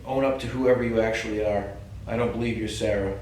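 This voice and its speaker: Boston guy doing a ghost hunt, calm and coaxing, really echoey room, mic kinda far off. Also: fairly low pitch, a little fast. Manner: calm, coaxing, earnest, addressing an unseen presence. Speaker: paranormal investigator. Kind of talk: calling out to a spirit in a ghost hunt. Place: old building at night, indoors. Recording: very echoey room, distant mic, faint hiss.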